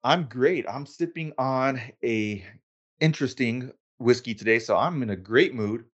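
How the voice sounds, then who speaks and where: A man hosting a casual podcast, relaxed and self-deprecating, laughing easily as he chats. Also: medium pitch, a little slow, dull audio. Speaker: podcast host. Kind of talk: casual chat.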